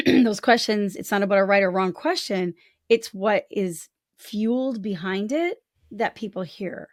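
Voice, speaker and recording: Candid expressive woman podcast co-host. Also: mid-range voice, a little slow, no room sound, studio quality. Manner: expressive, acts out quoted thoughts; frank, candid speech. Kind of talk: casual conversation.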